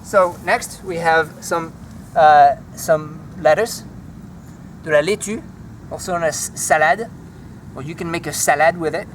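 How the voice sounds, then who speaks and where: A man walking through a home vegetable garden outdoors, naming plants and teaching their French words in a relaxed, chatty way. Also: sits high, slight background noise. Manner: relaxed, chatty, easily enthused. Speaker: language teacher giving a garden tour.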